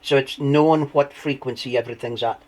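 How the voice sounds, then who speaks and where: A man telling his story as an interview guest, rambling through anecdotes with restarts and lively retellings. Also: medium pitch, fairly quick, poor audio. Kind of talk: conversational storytelling.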